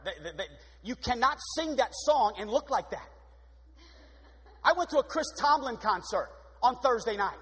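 A man preaching a sermon in an energetic, exuberant way, with sudden swings in pitch. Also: fairly quick, breathy edge. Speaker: pastor. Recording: long hall reverb.

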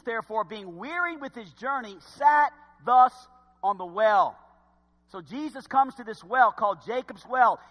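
A man preaching a sermon and retelling a scripture story, swinging from loud bursts to hushed asides. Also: high-pitched, big-room sound.

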